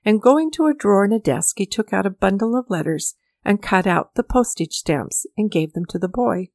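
A woman reading an old-fashioned story aloud in measured, even audiobook narration. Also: mid-range voice, creaky, dry recording, clean studio sound. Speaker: reader.

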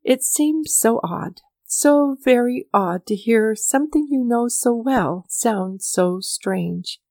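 A woman's voice: on the high side, expressive, slow, darkish tone, dry recording, clean studio sound, voice pushed up. A woman voicing a kindly, chatty elderly male poet who plays an eager host, read in a storybook. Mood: genial.

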